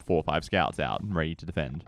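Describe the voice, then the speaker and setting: Deep, fast-talking male co-caster. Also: creaky, a little hiss or hum. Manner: playful banter, quick and lively. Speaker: esports co-commentator. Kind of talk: casual game commentary.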